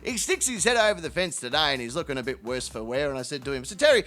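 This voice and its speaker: A man's voice: very animated, quick pace. A man hosting a rowdy, profane comedic outro, rambling and playful. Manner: profane, rambling and playful, jumps between high shouts and low mutters. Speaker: channel host.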